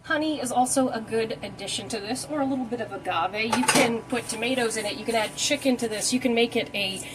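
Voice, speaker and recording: A woman's voice: on the high side, brisk, background noise. A woman giving a casual, chatty cooking demonstration in her home kitchen, talking while she works. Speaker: cooking vlogger.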